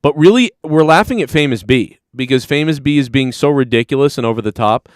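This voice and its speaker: A man's voice: medium pitch, animated, fairly quick, no room sound, studio quality. A man hosting a live stream, recapping a clip in a rambling, profane, casual way. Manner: rambling, profane, talks over replayed clips. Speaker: stream host.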